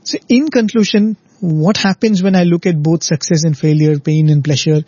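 A man's voice: fairly high pitch, fairly even intonation, moderate pace, darkish tone, slightly rough, dry recording, lo-fi sound. A man giving an earnest, reflective devotional discourse, often ending his points with "right?". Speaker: spiritual speaker.

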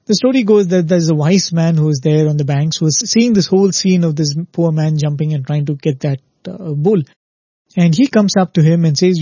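A man's voice: on the high side, normal speed, dark tone, no room sound. Man giving a spiritual talk, muffled. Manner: explanatory, often adds "right?" to check in with listeners. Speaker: spiritual speaker.

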